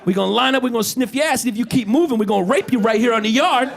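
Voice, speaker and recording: A man's voice: very high voice, very fast, gravelly, a crowd in the background, pitched above the performer's own voice. A man voicing a swaggering, bullying male pit bull acting like a prison yard tough, with brash street talk. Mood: threatening.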